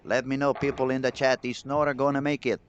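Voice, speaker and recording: Excitable male bowling commentator. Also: mid-range voice, fast, lo-fi sound, a little hiss or hum. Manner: chatty, excitable, reads chat messages aloud. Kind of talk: live sports commentary.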